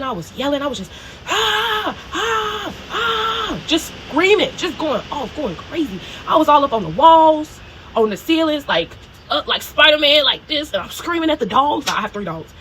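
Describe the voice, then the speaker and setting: A woman talks quickly through a personal story for her video diary, chatty and animated. She swears freely and keeps checking in with "okay?" and "you know?" A faint room ambience sits behind her voice. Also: high-pitched, slight background noise, rough recording. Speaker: spiritual video diarist.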